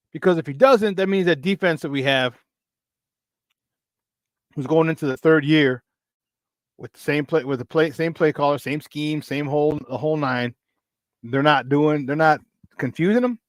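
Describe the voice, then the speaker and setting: A man's voice: normal speed, long pauses, no room sound, clean studio sound. Fired-up male sports show host. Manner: hyped up, shouting out viewers by name; swings between loud excitement and low, tired muttering. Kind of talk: casual morning sports talk show.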